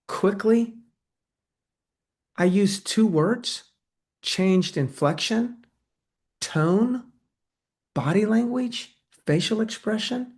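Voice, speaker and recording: A man teaching agents how to win listings, lively, and he acts out both sides of a talk with a client. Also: sits high. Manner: energetic, acts out client dialogue. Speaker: real estate trainer. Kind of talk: sales training talk.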